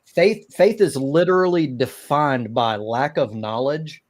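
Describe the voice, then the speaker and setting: A man in a casual online debate, speaking at an ordinary middle pitch. He stumbles and restarts often, but keeps pressing his point with steady conviction. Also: a little slow. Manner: hesitant, many restarts and fillers, laughs at the idea of souls. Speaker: atheist guest in a live-stream debate.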